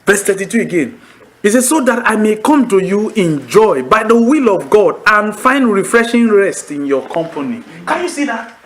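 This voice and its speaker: A man preaching a sermon in a lively, animated way, calling out questions for the congregation to answer. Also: high-pitched, normal speed, echoey room. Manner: animated, calls for congregation responses.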